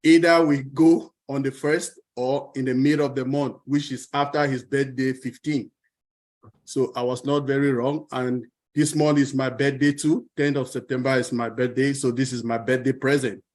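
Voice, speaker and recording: A man's voice: mid-range voice, level tone, normal speed, darkish tone. A man speaking as a panelist in an online webinar, earnest and grateful over a video call.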